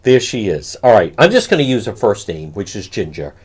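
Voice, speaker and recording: A man hosting a talk radio show, introducing a caller in an earnest, measured, reassuring way. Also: lowish voice, very animated, a little mellow, slightly rough.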